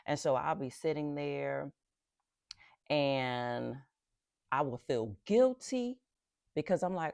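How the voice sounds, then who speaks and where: A middle-aged woman from Philadelphia hosting a podcast, reflecting on faith and rest with animated storytelling and emphatic repetitions. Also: low-pitched, takes it slowly, gravelly, pauses often, no room sound, clean studio sound. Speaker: podcast host.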